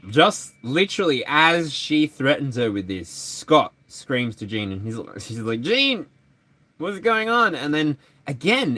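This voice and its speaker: A man's voice: medium pitch, fairly bright tone, no room sound. A man giving a live tarot energy reading, chatty and playful. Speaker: tarot reader.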